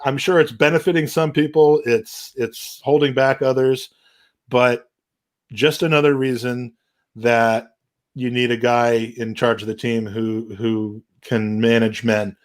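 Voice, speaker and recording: A man talks loosely as a podcast host. He stumbles and restarts often and throws in dry jokes. His voice sits at an ordinary middle pitch. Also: fairly even intonation, a little slow. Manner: rambling, many restarts, wry humor. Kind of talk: casual podcast chat.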